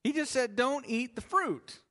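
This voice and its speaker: A man's voice: very high voice, lively intonation, unhurried, bright, forceful tone. A man teaching a sermon on a Bible passage, asking the listeners questions and then answering them himself, stressing key words as he goes. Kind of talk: expository sermon.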